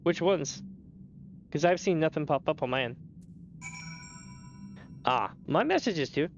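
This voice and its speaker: A man's voice: a little high, animated, measured pace, lo-fi sound, soft background music. A man streaming a game, chatting casually with his viewers in a rambling way that is full of casual swearing. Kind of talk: casual gaming stream chat.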